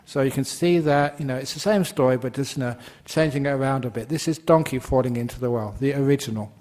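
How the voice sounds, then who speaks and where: A man's voice: medium pitch, quick pace, darkish tone. A man, a Buddhist monk, giving a dharma talk and telling stories playfully while laughing at his own jokes.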